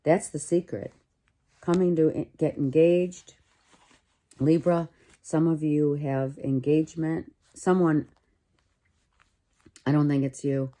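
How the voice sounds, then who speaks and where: Low, slow, mellow-voiced woman tarot reader. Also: fairly even intonation. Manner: musing, repetitive, thinks aloud with restarts. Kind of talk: casual tarot reading.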